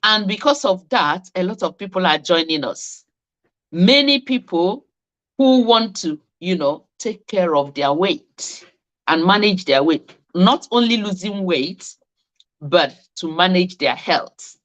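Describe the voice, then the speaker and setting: A woman's voice: on the low side, expressive, takes it slowly, a bit bright. A woman hosting a live stream, reading out viewers' comments in a chatty, teasing way and laughing often. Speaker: host of a live weight-management Q&A.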